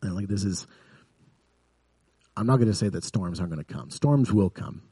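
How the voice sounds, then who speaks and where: Male pastor, low husky voice, dry close sound; earnest sermon delivery. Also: expressive, moderate pace, dry recording. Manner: earnest, builds to vivid emphasis then drops soft.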